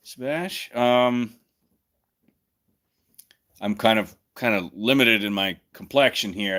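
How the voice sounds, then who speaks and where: Low-pitched and sharp in tone, a man hosts his own livestream chat, casually joking and musing out loud as he talks.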